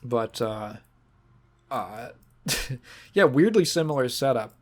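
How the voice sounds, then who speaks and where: Podcast host, male, mid-pitched, emotional and halting, holding back tears. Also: expressive. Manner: halting, sentimental, restarts often; choked up, fighting back tears. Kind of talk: casual podcast monologue.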